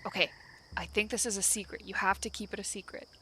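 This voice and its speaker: A woman's voice: mid-range voice, fairly even intonation, fast, bright, forceful tone, slight background noise. A woman playing a tabletop role-playing game, playful and sometimes dropping into a sneaky whisper. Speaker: player.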